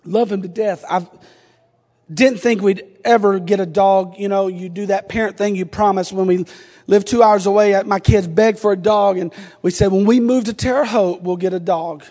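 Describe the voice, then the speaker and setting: A middle-aged man preaching a sermon, moving between quiet storytelling and shouted exhortation. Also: high-pitched, steady tone, moderate pace. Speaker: pastor. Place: church sanctuary. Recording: long church reverb.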